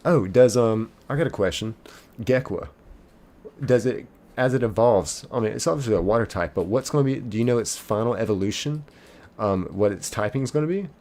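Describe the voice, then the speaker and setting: A man's voice: fairly low pitch, brisk, darkish tone. A man streaming a game live, chatting casually and reading viewer comments aloud.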